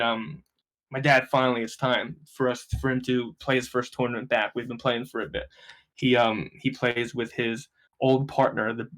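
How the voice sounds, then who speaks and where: A young man, a podcast guest telling stories casually, swearing freely and acting out the voices of people he quotes. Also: medium pitch. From New Jersey. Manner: profane, animated, acts out quoted voices. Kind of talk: casual storytelling.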